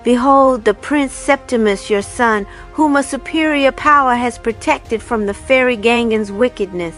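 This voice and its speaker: A woman's voice: on the high side, normal speed, a bit bright, faint music behind, natural voice. A woman voicing a stately old female fairy who speaks in a solemn, proclaiming way.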